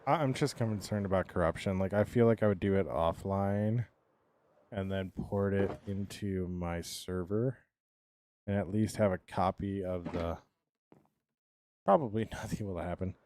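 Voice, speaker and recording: Mellow low-voiced streamer man rambling. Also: a little slow, a little hiss or hum. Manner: rambling, thinking aloud, trails off with "so". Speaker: live streamer. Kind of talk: casual live-stream chat.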